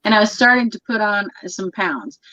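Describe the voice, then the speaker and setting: A woman's voice: mid-range voice, expressive, normal speed, bright, forceful tone, no echo, highs cut off. A woman podcast host telling stories in casual chat, laughing often. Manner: chatty storyteller, laughs often.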